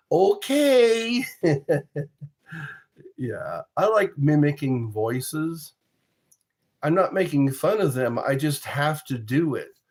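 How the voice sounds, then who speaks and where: This vlogger's voice is fairly high, and he takes his time. His casual storytelling monologue wanders, full of chuckles and sentences he abandons halfway through.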